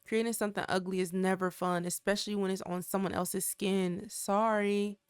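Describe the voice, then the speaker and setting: A woman talks her viewers through a life-simulation game in a chatty, exclamatory way, reacting out loud to the drama on screen. Her voice is mid-pitched and natural. The sound is dry and close, with no room around it. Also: little pitch movement, moderate pace, few pauses, clean tone, no room sound. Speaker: gaming channel host. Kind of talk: let's play commentary.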